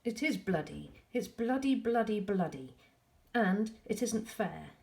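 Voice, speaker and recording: A woman's voice: medium pitch, expressive, a little slow, gravelly, warm tone, pitched above the performer's own voice. A woman reading aloud, voicing an upset boy who pleads and argues defiantly.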